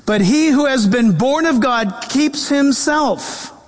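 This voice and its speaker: High-voiced preaching man in a reverberant hall. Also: slow, a little hiss or hum. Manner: animated preaching with quoted voices and humor. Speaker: pastor. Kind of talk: sermon. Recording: long reverb of a large hall.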